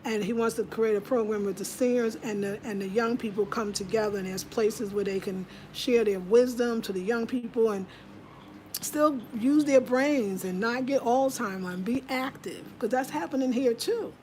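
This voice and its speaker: A woman's voice: on the high side, moderate pace, warm tone, slight background noise. A middle-aged American woman talking casually into the camera at home, emphatic and chatty, slipping into voices when she quotes people. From United States. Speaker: vlogger. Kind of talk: casual monologue.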